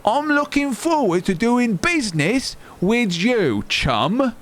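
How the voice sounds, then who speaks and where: A man voicing a cheeky young male shopkeeper with a put-on London-style British accent and chirpy, slangy, high-pitched sales patter. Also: big pitch swings, slow pace, heavily acted.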